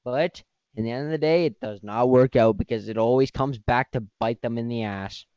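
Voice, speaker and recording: A man's voice: mid-range voice, normal speed, mellow, smooth, dry recording, muffled recording. A man hosting a podcast, ranting in a heated, profane, rambling way. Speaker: podcast host. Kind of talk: casual podcast rant.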